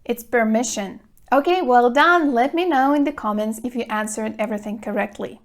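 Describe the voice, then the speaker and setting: A woman teaching an English grammar lesson to camera, speaking clearly and deliberately, stressing words to show pronunciation. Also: on the high side. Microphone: phone camera.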